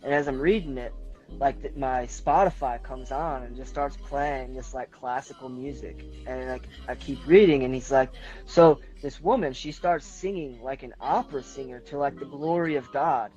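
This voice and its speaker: A man speaks as a guest on a conversational show and tells a personal story in a loose, rambling way. He keeps reaching for "like" between his phrases. His voice sits at an ordinary middle pitch, with faint music underneath. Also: normal speed, darkish tone, poor audio. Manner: rambling, leans heavily on filler "like". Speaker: podcast guest.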